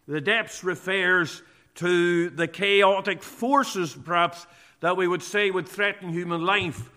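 A man preaching a sermon, speaking deliberately and reading scripture passages aloud. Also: high-pitched, bright, forceful tone.

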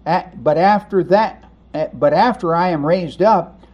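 A man preaching a sermon, animated, acting out the voices of people in the story as he teaches. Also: sits high, unhurried, lo-fi sound. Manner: animated, acts out voices of the crowd and disciples. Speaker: pastor.

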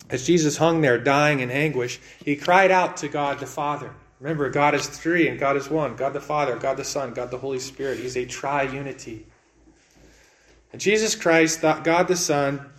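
Preaching with earnest conviction, this man's voice sits a little high. He repeats himself and alternates between raising his voice and dropping it low.

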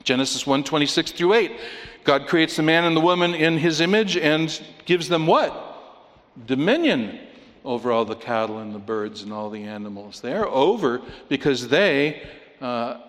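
Guy giving a sermon, kinda high voice, echo trailing off in a big hall. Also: lively intonation, moderate pace, a bit bright. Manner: storytelling, asks the congregation rhetorical questions. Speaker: preacher.

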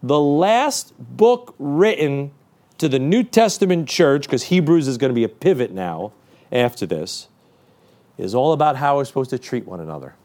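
A man's voice: medium pitch, big pitch swings, moderate pace, a little mellow. A male preacher giving a midweek sermon, quoting scripture with emphasis and dropping joking asides.

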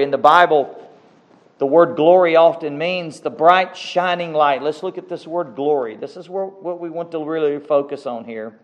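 A man preaching a sermon, slow and emphatic, repeating key words for weight. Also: fairly high pitch. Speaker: pastor.

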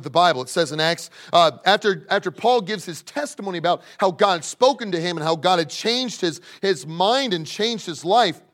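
A man preaching a sermon to young people, emphatic, swinging between loud pleading and hushed asides. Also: high-pitched. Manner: speaks directly to young people in the congregation.

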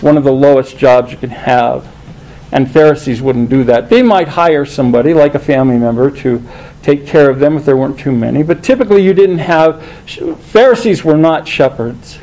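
A man's voice: fairly high pitch, mellow, rough recording. A man preaching a sermon, conversational and emphatic, asking rhetorical questions.

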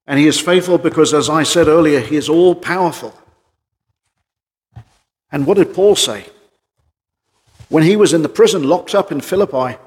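Earnest preacher in a reverberant church. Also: male voice, on the high side. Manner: earnest, rising and falling emphasis with rhetorical questions. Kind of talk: sermon.

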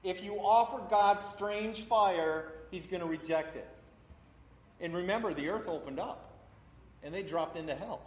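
A high-pitched middle-aged man preaches a sermon in a church hall, and his voice carries a long reverb around the room. He often acts out the voices in his stories. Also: unhurried. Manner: acts out voices in quotes, talks with a congregation. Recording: echoey hall.

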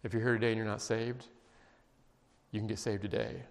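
A man's voice: fairly low pitch, level tone, a little fast. Guy preaching, gets emotional, big reverby church sound. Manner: emotional, emphatic preaching with quiet intense passages. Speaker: pastor. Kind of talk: sermon. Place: church sanctuary. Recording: long reverb of a large hall.

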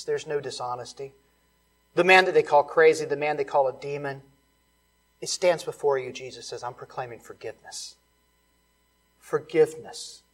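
A man preaching a sermon, building to loud, emphatic repeated lines and dropping to soft, hushed ones. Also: on the high side, low-quality recording. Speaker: pastor.

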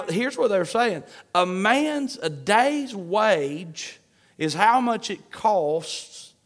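A man's voice: high voice, fairly bright tone. A man preaching a sermon, emphatic and repeating key phrases to his congregation.

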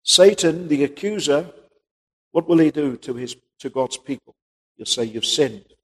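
A male preacher giving a sermon, posing rhetorical questions and swinging between loud and quiet passages. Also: fairly high pitch, lively intonation, normal speed, slightly rough. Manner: rhetorical questions, rises and drops in volume. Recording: long hall reverb.

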